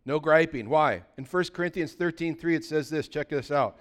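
A man's voice: fairly high pitch, normal speed, hardly any pauses. Dynamic male pastor preaching a sermon. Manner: dynamic preaching, swinging between loud bursts and quiet asides.

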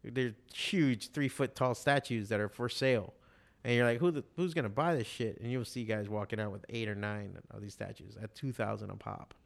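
A man in casual conversation, telling animated stories with a lot of swearing and acting out what other people said. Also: fairly low pitch, normal speed, gravelly. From Miami, USA. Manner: animated storytelling, heavy swearing, quotes others in voices. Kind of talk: casual chat.

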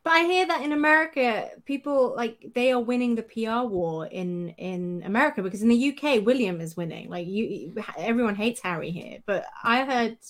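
A woman's voice: on the high side, expressive, normal speed, few pauses. A woman co-hosting a podcast in casual chat, wry and questioning, often pushing back. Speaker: podcast co-host.

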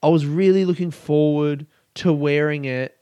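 A young man talks on his own podcast in a fairly high, lively voice. He rambles, swears freely and winds himself into mock fury. The recording is close and dry, with no room around it. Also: normal speed, clear, resonant tone, dry recording. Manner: rambling, sweary, mock-angry with bursts of laughter. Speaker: comedian and podcast host. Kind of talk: casual solo podcast monologue.

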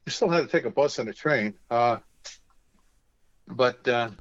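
An older man from New York, telling stories as an interview guest in a halting way full of fillers and repeated words. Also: medium pitch, dull audio. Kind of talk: casual storytelling.

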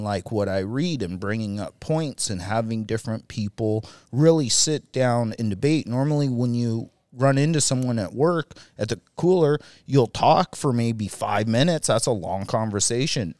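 A man's voice: mid-range voice, darkish tone, no echo. Male podcast co-host, easygoing and rambling, medium voice, dry booth sound. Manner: rambling, laughs often, many fillers. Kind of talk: casual round-table chat.

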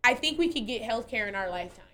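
A woman's voice: a little high, animated, quick pace, bright, forceful tone. A woman from California talking bluntly and with plenty of swearing, laughing easily in casual podcast chat. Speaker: podcast guest.

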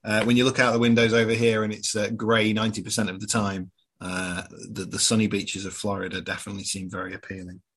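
A British man presenting a radio show and chatting casually with his guest, relaxed and full of fillers. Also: on the low side, quick pace, husky.

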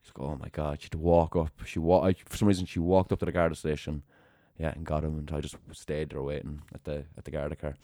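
A young man tells a story on his podcast, quick and animated, acting out what other people said. His voice sits low. The sound is dry and close, with no room around it. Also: dry recording. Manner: animated anecdote-telling with acted-out quotes and laughter. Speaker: podcast host. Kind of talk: casual storytelling chat.

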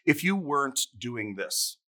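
A man's voice: mid-range voice, very animated, unhurried, bright, forceful tone. A man hosting a casual interview, joking and laughing along with his guest.

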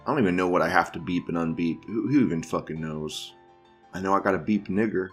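A man's voice: sits low, fast, soft background music. A man hosting a podcast, giving crude, profane, offhand commentary and often laughing as he reacts to videos. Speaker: podcast host.

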